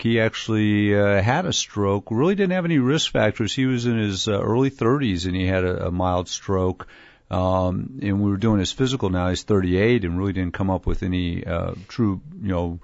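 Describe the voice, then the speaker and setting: A Texan man with a lowish voice, talking through patient cases on a health radio show. He explains casually, with fillers and restarts. The sound is dry and a little muffled. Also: no room sound. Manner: relaxed, explanatory, with frequent fillers. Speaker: physician co-host.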